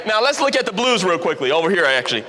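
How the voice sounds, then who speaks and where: A man giving an energetic motivational seminar talk, joking and repeating phrases for emphasis. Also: sits high, fast talker. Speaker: seminar speaker. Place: large event hall. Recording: long hall reverb from a live event.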